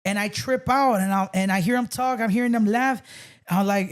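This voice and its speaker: A man's voice: high voice, normal speed. A man, a guest on a podcast, chatting casually and telling loose stories with swearing and bits of Spanish. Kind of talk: casual chat.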